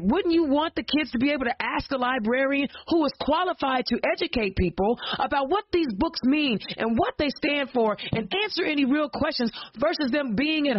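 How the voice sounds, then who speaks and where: A woman's voice: high-pitched, breathy edge, no echo. Fiery woman podcast host ranting. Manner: fiery, emotional, rhetorical questions, casual slang. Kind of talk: impassioned political rant and show hosting. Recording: dull lo-fi dry podcast audio.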